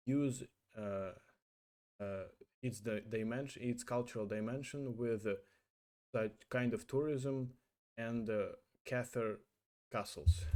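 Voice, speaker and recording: Halting man translating French aloud. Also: medium pitch, a little mellow. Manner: halting, hesitant, many fillers and self-corrections. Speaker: language learner vlogger.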